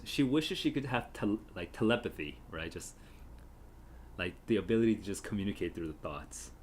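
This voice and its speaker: A man's voice: fairly low pitch, animated, moderate pace, slight background noise. A man reading a play and reacting to it casually, musing aloud and correcting himself as he goes. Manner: musing, self-correcting, chatty.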